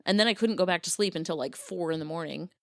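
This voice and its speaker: A woman's voice: fairly low pitch, fast, gravelly, no room sound, clean studio sound. Exasperated profane woman, podcast co-host. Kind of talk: casual chat.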